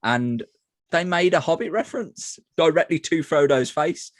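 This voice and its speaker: A man's voice: on the high side, animated, moderate pace, no room sound. A man co-hosting a casual podcast, rambling through stories with many ums and teasing the others. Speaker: podcast co-host. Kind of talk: casual chat.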